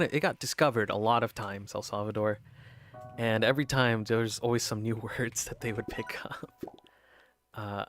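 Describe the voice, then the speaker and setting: A man's voice: medium pitch, fairly bright tone. A man rambling in casual chat as he plays a video game, often restarting sentences and laughing. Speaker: gaming streamer.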